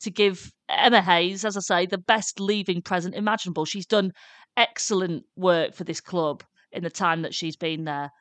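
A woman's voice: on the low side, fairly even intonation, fairly bright tone, no echo. A woman from England co-hosting a casual podcast chat, joking and playful. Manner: playful, quick jokes. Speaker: podcast co-host.

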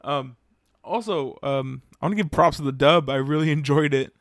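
A man co-hosting a casual anime review chat, relaxed and hesitant, often trailing off. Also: fairly high pitch, moderate pace, no echo, clean studio sound. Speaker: podcast co-host.

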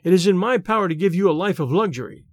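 A man's voice: sits high, lively intonation, quick pace, no echo, clean studio sound. A man reading aloud, voicing an earnest young male suitor who pleads tenderly.

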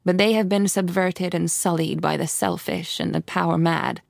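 Brief: commanding older woman read by a female narrator, measured and cold, slightly gravelly. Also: on the low side, fairly even intonation, no echo, clean studio sound. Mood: stern. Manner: measured, stern and formal.

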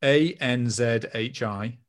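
A man's voice: mid-range voice, takes it slowly. A man, a journalist co-hosting a football podcast, flustered and self-mocking as he struggles through a quiz.

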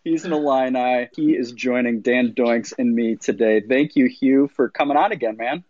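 A man's voice: medium pitch, moderate pace, darkish tone, no echo, dull audio. A man hosting a podcast and interviewing a guest, talking in a jokey, rambling way and correcting himself. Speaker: podcast host.

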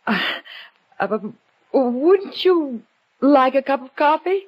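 An actress playing a frightened young wife held hostage, speaking in a pleading, anxious way. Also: female voice, high voice, animated, slow. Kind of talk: vintage broadcast drama acting. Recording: lo-fi old recording with music.

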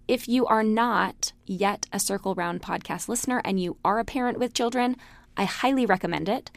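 Chatty woman with a gravelly edge. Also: mid-range voice, no room sound. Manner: chatty, storytelling, laughs often. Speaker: class instructor. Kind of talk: casual spoken lecture.

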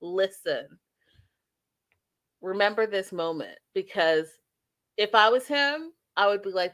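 A woman hosts a reality TV recap podcast with a lively, opinionated delivery. She talks casually at a middle pitch and slips into quick impressions of the people she's discussing. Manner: animated, opinionated, acts out quotes. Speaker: podcast host reviewing reality TV.

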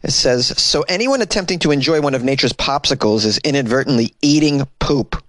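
A man's voice: animated, fairly quick, fairly bright tone, no echo. A man doing comic news commentary, reading headlines aloud and mocking them with sarcastic, wry asides. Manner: sarcastic and wry, with sudden incredulous jumps in pitch.

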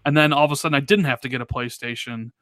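A man co-hosting a casual gaming podcast, talking in an animated, rambling way full of restarts and fillers. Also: mid-range voice, very fast, dry recording, clean studio sound. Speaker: podcast co-host.

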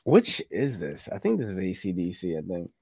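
A man's voice: sits low, wildly swooping pitch, normal speed, creaky, warm tone, breathy edge, dry recording, studio quality. A man in his thirties hosting a live podcast in casual chat, laid-back, swearing and laughing often. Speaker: podcast host.

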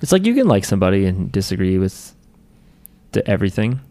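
A man's voice: low-pitched, very animated, a little fast, over a noisy crowd. A man co-hosting a podcast, chatting casually and jokingly while recapping an anime, acting out characters' lines. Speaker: podcast co-host.

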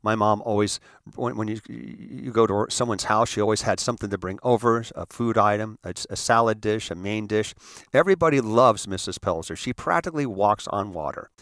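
A man from the San Francisco area telling a personal story in an earnest, halting way, often restarting and repeating words. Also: lowish voice, fairly bright tone, no room sound, clean studio sound. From San Francisco area, United States. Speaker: speaker telling his life story.

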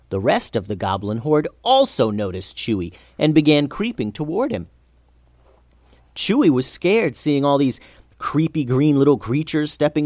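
A man narrating a children's adventure story in an expressive reading voice. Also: fairly high pitch, dry recording, clean studio sound.

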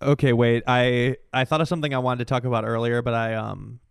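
A man's voice: medium pitch, fairly even intonation, brisk, vocal fry, clean tone, no room sound, studio quality. A man co-hosting a casual podcast, teasing his friend with crude banter. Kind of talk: casual chat.

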